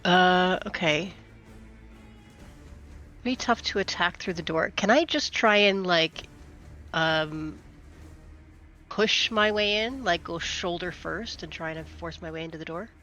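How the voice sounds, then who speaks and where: Bright-voiced woman player, tentative. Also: on the low side, slow, pauses often, highs cut off, faint music behind. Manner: tentative, asking rule questions. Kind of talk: casual tabletop play.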